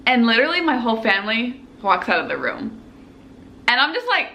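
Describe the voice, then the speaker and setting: A young woman in her twenties, a medical student telling a story to the camera in a casual vlog, animated and excitable. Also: a little high, brisk, slight background noise. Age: 20s.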